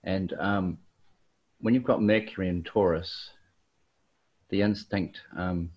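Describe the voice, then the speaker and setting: A man from New Zealand speaking on a panel over a video call, explaining ideas thoughtfully with many pauses and ums. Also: low voice, slightly rough. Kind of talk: slow reflective explanation. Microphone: video call mic. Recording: dull lo-fi video call audio.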